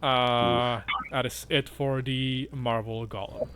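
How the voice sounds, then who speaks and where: A man's voice: medium pitch, little pitch movement, a bit bright. A man running a tabletop game as game master, narrating with frequent hesitations. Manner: halting, many "uh" fillers.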